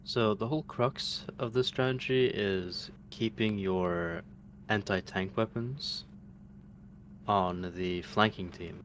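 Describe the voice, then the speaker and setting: A man running a game training session over voice chat, explaining tactics in a measured way. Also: low-pitched, a little hiss or hum. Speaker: training organizer giving instructions. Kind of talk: casual voice chat during a game.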